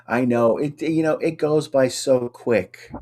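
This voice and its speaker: A man's voice: mid-range voice, unhurried, darkish tone, slight background noise. A man co-hosting a casual chat show, upbeat and chatty, reading out viewer comments. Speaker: co-host.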